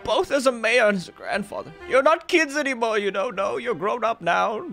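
A man's voice: extremely high pitch, lively intonation, fairly quick, creaky, pushed and bright, faint music behind, pitched above the performer's own voice, heavily acted. Fond, speechifying old village mayor and grandfather, raised voice, put on by a young man. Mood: proud. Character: proud elderly male village mayor and grandfather.

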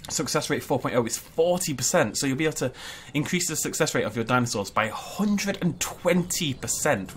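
A man giving chatty, excitable gameplay commentary and thinking aloud as he plays. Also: medium pitch, a little hiss or hum. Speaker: gaming YouTuber.

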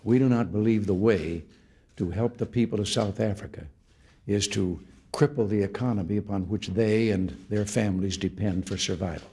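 A man in his seventies from the United States, delivering a formal policy address from a podium in a measured, deliberate way, phrase by phrase. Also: fairly low pitch, dark tone, slightly rough. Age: 70s. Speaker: head of state giving an address. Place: formal state room, indoors.

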